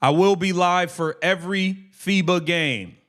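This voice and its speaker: A man's voice: high voice, unhurried, a bit bright. A man hosting a casual live watch-along stream, calling the plays and ranting in heated slang.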